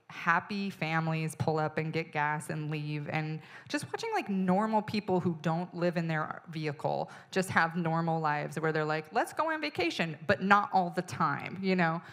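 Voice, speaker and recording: A woman comedian telling a profane, exasperated story on stage, now and then bursting into loud yelling. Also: low voice, lively intonation, normal speed, few pauses. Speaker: stand-up comedian. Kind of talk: stand-up storytelling.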